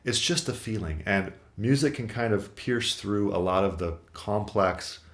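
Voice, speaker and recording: A man's voice: on the low side, measured pace, fairly bright tone. A male guitar teacher explaining music theory in a video lesson, methodical and explanatory, with occasional fillers. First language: English.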